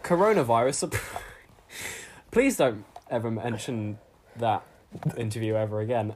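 A man co-hosting a casual comedy podcast, rambling and halting with lots of fillers. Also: mid-range voice, darkish tone, a little hiss or hum. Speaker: podcast co-host.

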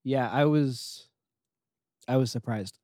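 A young man chatting casually, telling a travel story with lively acted quotes and frequent laughs. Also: medium pitch, slow pace, dry recording, studio quality. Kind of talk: casual chat.

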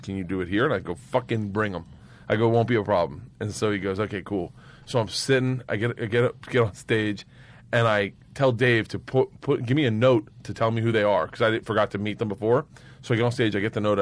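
Profane storytelling comedian man. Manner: profane, breaks into high laughter. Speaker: guest comedian. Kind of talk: storytelling anecdotes.

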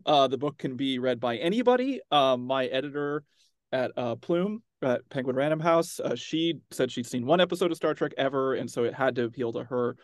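A man being interviewed as an author, relaxed and wry, with many ums as he talks. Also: mid-range voice, a little fast, no echo, studio quality. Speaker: author guest. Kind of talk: casual interview chat.

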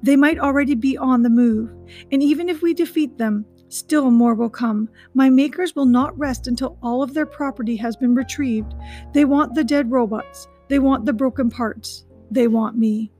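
A woman reading aloud, voicing a gentle and wise female robot who speaks in earnest, measured sentences. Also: sits high, faint music behind, close to an everyday voice.

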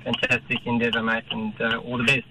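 A man with a South African accent calling in to a radio show, sincere and halting with fillers. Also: mid-range voice, monotone, very noisy. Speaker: caller, station staff. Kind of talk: phone-in call.

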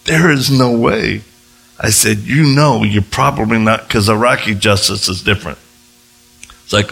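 A man preaching a sermon as a missionary, telling stories in an animated way and jumping into high voices when he quotes others. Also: unhurried, vocal fry, long pauses, faint music behind. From United States. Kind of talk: sermon with storytelling.

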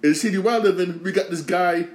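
A man from Connecticut hosting a podcast, ranting casually with slang and a lot of repetition, swinging from loud outrage to low grumbling. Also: fast talker, roomy sound. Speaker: podcast host. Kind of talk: casual sports rant.

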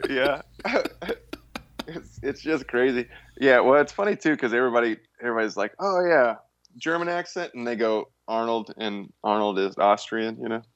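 A man guesting on a podcast, chatting casually about acting as a rambling, animated storyteller who restarts often. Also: medium pitch, moderate pace, no room sound, muffled recording. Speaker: guest, actor and musician.

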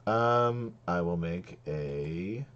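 A man acting as game master, talking casually in a halting way with many restarts. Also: deep voice, expressive, fairly bright tone, lo-fi sound. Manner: halting, lots of ums and restarts. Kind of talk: running a tabletop game, casual.

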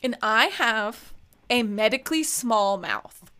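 A young woman co-hosting a podcast, telling a story in casual chat, acting out quotes with lively swearing. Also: fairly high pitch, slow. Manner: animated storytelling, acts out quotes, swears freely. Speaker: podcast co-host.

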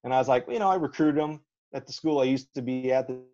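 A track and field coach from Alabama, appearing as a podcast guest, tells a long story in a folksy, animated style and acts out every quote. He talks fast in a mid-range voice, with faint music behind him in slightly muffled, dull lo-fi audio.

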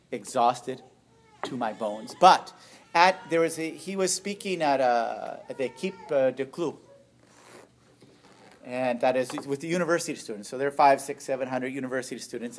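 A middle-aged man, a priest, giving a storytelling witness talk, animated and playful as he acts out what others said. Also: a little hiss or hum. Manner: animated, acts out quoted voices with big pitch jumps.

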